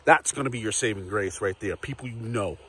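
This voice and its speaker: A man's voice: on the low side, a little fast, fairly bright tone, a little hiss or hum. A man ranting casually to camera in a vlog, profane, rambling and repetitive. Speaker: vlogger.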